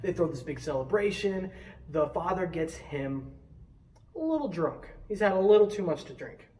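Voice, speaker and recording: Youthful-sounding male preacher, chatty and animated, slightly high, distant mic. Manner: animated, conversational preaching with quick asides. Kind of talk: casual youth sermon.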